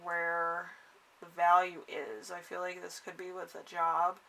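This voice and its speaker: Slow, gravelly-voiced woman reading tarot. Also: fairly low pitch, monotone, bright, forceful tone. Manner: halting, many fillers and little laughs. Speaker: tarot reader.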